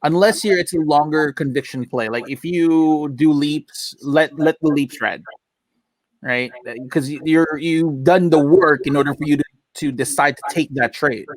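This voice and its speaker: Male podcast co-host, higher voice, dry close sound, easygoing and jokey. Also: normal speed, dry recording. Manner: animated, laughs a lot, jokey. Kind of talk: casual chat.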